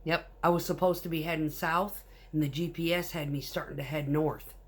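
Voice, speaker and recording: A woman's voice: deep voice, steady tone, brisk. A woman, a concrete mixer truck driver, telling work stories in a blunt, casual way full of swearing. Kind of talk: casual storytelling.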